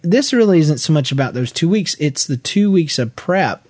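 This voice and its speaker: A man in his thirties co-hosting a podcast in casual chat, telling stories with lots of restarts and quick laughs. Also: a little high, expressive, a little mellow, no echo. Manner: rambling storyteller with many restarts and laughs. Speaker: podcast co-host.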